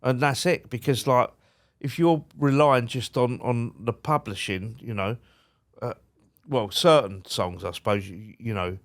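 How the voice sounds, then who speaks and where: Male podcast guest, mid pitch, casual anecdote-teller who trips over words. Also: unhurried. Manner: chatty, repeats words when starting, colloquial. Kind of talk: casual storytelling chat.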